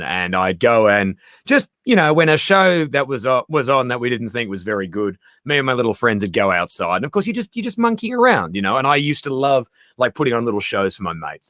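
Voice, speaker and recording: A man in casual interview chat, an animated storyteller who acts out the voices he quotes. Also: medium pitch, no room sound, clean studio sound. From Australia. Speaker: comedian guest.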